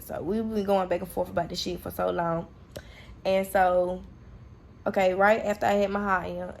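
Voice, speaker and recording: A young woman talks straight to her camera in a vlog, her voice gravelly at the edges. She tells her story candidly and with plenty of swearing, acting out what people said. A faint hiss of noise sits behind her. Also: medium pitch. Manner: candid, profane, animated retelling with quoted dialogue. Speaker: vlogger.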